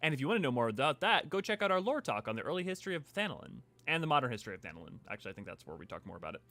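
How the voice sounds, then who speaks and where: A man hosting a live game stream, rambling casually between lore points and viewer shout-outs. His voice is bright and forward, at an ordinary pitch for a man. Talk is loose, friendly, full of restarts. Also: very animated, racing, no echo. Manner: chatty, rambling, reads viewer comments.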